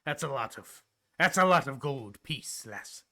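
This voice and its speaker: A man voicing a tentacled male pirate merchant in a tabletop game, in a loose pirate voice and a drawn-out haggling manner. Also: medium pitch, lively intonation, a crowd in the background.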